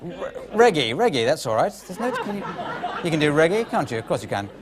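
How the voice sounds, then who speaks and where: Man hosting improv comedy, giggly, flustered, ad-libbing, lively pitch, loud studio audience. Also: fast, crowd noise. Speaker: game show host. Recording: studio audience, live stage.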